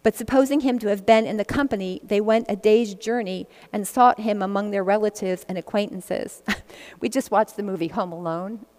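A woman's voice: medium pitch, normal speed, a little mellow. A woman leading a casual Bible teaching, reading verses aloud and commenting in a chatty way, laughing often between passages. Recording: long echoey reverb.

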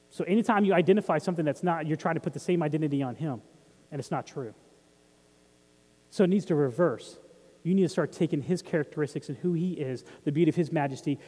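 This male pastor has a fairly high but darkish voice and preaches in a conversational style, questioning the congregation as he goes. A long reverb tail is audible.

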